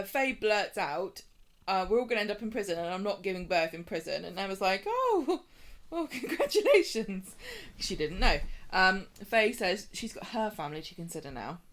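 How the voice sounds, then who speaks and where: A woman co-hosts a casual podcast, recapping a soap opera with dry jokes. She talks at an ordinary middle pitch and acts out quoted lines in a lifted, playful voice. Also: a bit bright. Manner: chatty, jokey, acts out quotes in a raised voice. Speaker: podcast co-host.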